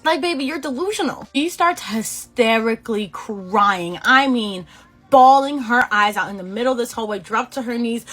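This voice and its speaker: A young woman from Boston tells a story in a casual vlog, full of sass and slang. Her voice is fairly high and she keeps it lively and animated. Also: brisk. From Boston, USA. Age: 20s. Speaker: beauty vlogger.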